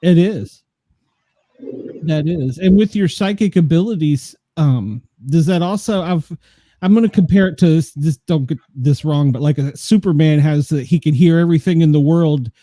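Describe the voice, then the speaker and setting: A man hosting a podcast, asking curious questions in halting bursts with restarts. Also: a little high, dark tone, no room sound. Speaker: podcast host. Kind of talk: casual interview questions.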